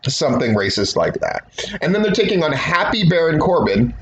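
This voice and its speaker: A man's voice: on the high side, big pitch swings, a little fast. Sarcastic man recapping in an echoey room. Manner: sarcastic, rambling, jokey. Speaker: wrestling podcast host. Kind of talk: casual solo commentary. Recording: roomy, dull recording with faint hiss.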